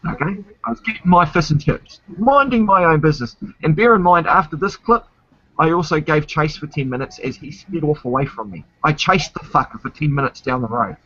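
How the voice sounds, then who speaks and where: A man's voice: a little high, lively intonation, a little fast, pushed and bright, dry recording, muffled recording. A man chatting casually on his stream, indignant and swearing freely. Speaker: streamer host. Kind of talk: casual chat.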